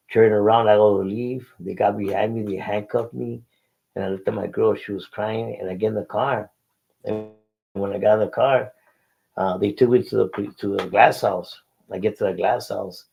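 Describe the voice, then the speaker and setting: A man's voice: lowish voice, vocal fry, warm tone, slightly rough, poor audio. A middle-aged man casually telling his life story in an interview, using street slang and Spanish words and often repeating himself.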